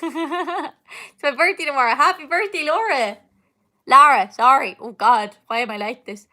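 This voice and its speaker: A woman's voice: sits high, moderate pace, pushed and bright. A young woman, chatting casually at home while answering comments on a live stream, rambling with lots of fillers and laughs. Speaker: singer hosting a live Q&A. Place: home, indoors.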